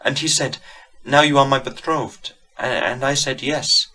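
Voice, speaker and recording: A man putting on a soft young Italian organist. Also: mid-range voice, fairly even intonation, unhurried, pitched above the performer's own voice, poor audio. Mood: soft wistful. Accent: put-on Italian accent. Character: young foreign woman organist, small, lonely, devoted.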